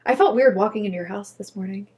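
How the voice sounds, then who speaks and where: A woman's voice: medium pitch, fast, darkish tone. A woman co-hosting a casual chat podcast, rambling and losing her words as she laughs at herself. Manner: rambling, self-conscious, loses her words. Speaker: podcast co-host.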